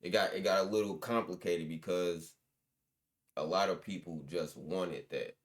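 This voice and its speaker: A man's voice: low voice, moderate pace. A young man, a guest musician, telling stories in loose, slangy casual chat with lots of restarts.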